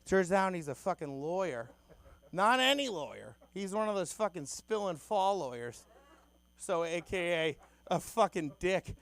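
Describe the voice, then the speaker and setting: A man's voice: sits high, very animated, a little slow, fairly bright tone, no echo. A young man from Boston doing a crude, self-mocking stand-up set on a club stage into a handheld mic. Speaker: stand-up comedian.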